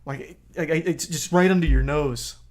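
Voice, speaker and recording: Brief: male streamer, slightly high voice, blunt and swearing, live reaction commentary. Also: normal speed. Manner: blunt, profane, gets heated.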